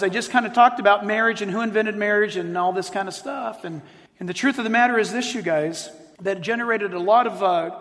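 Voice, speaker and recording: High-voiced pastor preaching in a reverberant hall. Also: male voice. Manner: animated storytelling, emphatic repetition. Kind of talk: sermon to a live audience.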